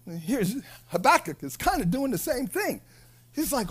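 A preacher delivering an animated sermon, shouting at times, laughing, and acting out quoted people. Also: mid-range voice, moderate pace, breathy edge.

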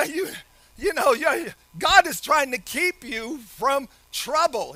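High bright-voiced man preaching a sermon. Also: dry recording. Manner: animated preaching, laughing often, shouting some phrases.

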